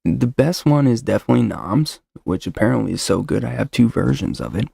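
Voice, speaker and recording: Brisk and sing-song, the man's medium-pitched voice is gravelly and dark with a breathy edge, captured dry. He hosts his own casual solo podcast, rambling and joking into a desk mic with a noise suppressor while talking over himself.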